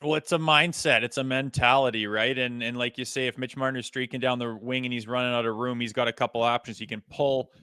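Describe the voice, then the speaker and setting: Fast-talking, profane male podcast co-host. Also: medium pitch, fairly even intonation, pushed and bright, clear, resonant tone, dry recording. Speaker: podcast co-host, former player. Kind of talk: casual hockey podcast chat.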